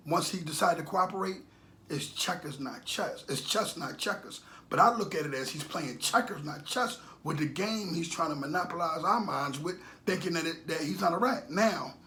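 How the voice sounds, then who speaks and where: A middle-aged man on a social media channel delivers animated street-talk commentary that's preachy and repetitive. He fires off rhetorical questions and swings between loud bursts and low muttering.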